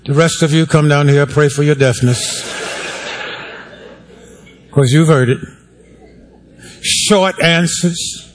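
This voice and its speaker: A man's voice: on the high side, fairly even intonation, takes it slowly, long pauses. A male pastor preaching a sermon to his congregation in a wry, conversational way, asking for amens and hands raised. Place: church sanctuary.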